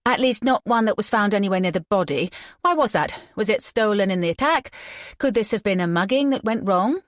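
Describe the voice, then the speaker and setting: A woman narrator voicing a brisk, impatient female senior officer leading a briefing. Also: mid-range voice, lively intonation, no echo, clean studio sound, voice pushed up, lightly acted. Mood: brisk, curt. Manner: snappish, brisk.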